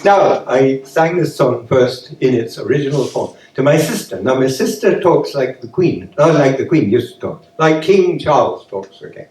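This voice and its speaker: Playing guitar before a concert hall audience, this older activist musician from Britain chats between verses and leads a playful sing-along. He speaks British English in an expressive, medium-pitched, slightly mellow voice at normal speed, recorded roomy and from a distance with a little hiss or hum.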